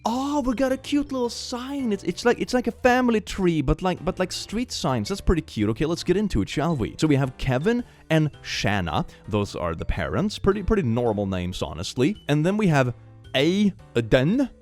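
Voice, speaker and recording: Male host, comedic reaction read-through, swears a lot, pitch leaps all over, faint music underneath. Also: moderate pace. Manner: animated and profane, breaks into laughter and shrill outbursts. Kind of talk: comedic reaction commentary reading posts aloud.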